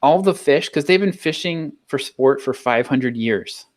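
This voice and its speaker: A man co-hosting a podcast, telling a casual story in an animated way. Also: a little high, measured pace. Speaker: podcast co-host. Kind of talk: casual chat.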